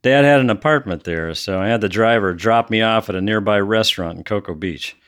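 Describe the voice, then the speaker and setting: A man playing a cold, low-voiced killer son. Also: brisk, clean tone, lightly acted. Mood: guarded. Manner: flat, cold storytelling with bursts of anger. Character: brooding adult son confessing grisly killings. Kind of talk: audio drama acting.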